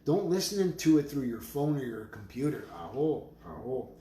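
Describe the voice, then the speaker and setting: A man making drums, talking slowly with prayerful, emphatic declarations and chanted words as he presents his drums in his studio. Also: mid-range voice, sing-song, dark tone. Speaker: drum maker selling drums on a live stream. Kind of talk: live sales stream with spiritual talk. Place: studio full of drums and rattles. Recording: roomy studio with faint noise.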